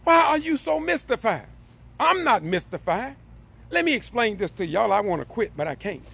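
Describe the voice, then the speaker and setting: A man's voice: high voice, big pitch swings, moderate pace, gravelly, bright, forceful tone, breathy edge. A man preaching fervently and emotionally, repeating phrases as he builds to emphatic peaks. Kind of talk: impassioned preaching.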